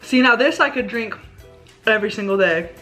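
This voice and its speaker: A woman's voice: fairly high pitch, animated, a little fast, pushed and bright, faint music behind. A woman vlogging casually about her meals, chatty and rambling with lots of filler words. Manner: chatty, rambling with many ums. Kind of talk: casual food diary vlog. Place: home.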